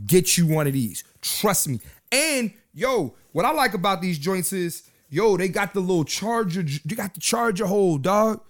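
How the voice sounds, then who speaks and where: Male podcast host, high-pitched, casual and slangy, repeats lines for emphasis. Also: lively intonation, normal speed. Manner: loose, slangy, repeats himself. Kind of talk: casual solo podcast chat.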